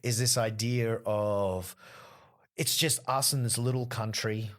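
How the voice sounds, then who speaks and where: A man in his thirties with an Australian accent, a comedian chatting as a podcast guest and telling stories with lively acted-out quotes. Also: medium pitch, a little slow. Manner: animated storyteller who acts out quoted people. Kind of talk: casual chat.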